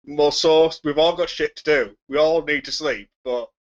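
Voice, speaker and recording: A man co-hosting a podcast, loud and chatty with frequent laughter. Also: on the high side, normal speed, dull audio. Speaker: podcast co-host. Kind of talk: casual banter.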